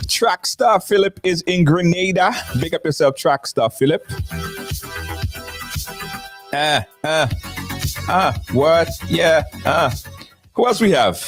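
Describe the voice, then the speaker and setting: A live-stream host, chatting casually and playfully with viewers. The delivery is slow and unhurried, but the pitch swings widely from phrase to phrase. Faint music plays quietly behind the voice. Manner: playful, repeats phrases, greets viewers by name.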